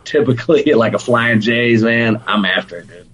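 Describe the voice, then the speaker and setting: A man's voice: medium pitch, moderate pace, a crowd in the background, rough recording. A man with an Alabama accent, a barbecue pitmaster guest, chatting casually and easily, peppering his talk with "man" and "dude". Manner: animated and laid-back, sprinkled with "man" and "dude". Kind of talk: casual podcast interview.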